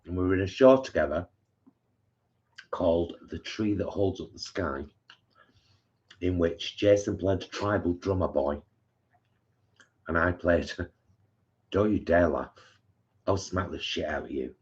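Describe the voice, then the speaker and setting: Deep-voiced man chatting. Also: unhurried, long pauses, darkish tone. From England. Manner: chatty, storytelling. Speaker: co-host. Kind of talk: casual live-stream chat. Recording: dull lo-fi sound.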